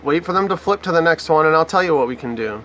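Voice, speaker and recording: A man's voice: fairly high pitch, expressive, fast talker, a bit bright, lo-fi sound, slight background noise. A man giving sarcastic, profane commentary over a news clip. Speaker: online commentator.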